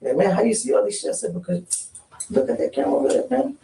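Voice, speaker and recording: A man's voice: sits high, expressive, very fast, creaky, dark tone. A man recounting past events under questioning, acting out the quoted exchanges in casual street slang. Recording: roomy, distant mic, faint hiss.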